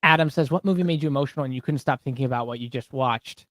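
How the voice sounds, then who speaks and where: A man's voice: mid-range voice, racing, fairly bright tone, dry recording. A young man co-hosting a live stream, chatting casually, reading viewer questions aloud and laughing often.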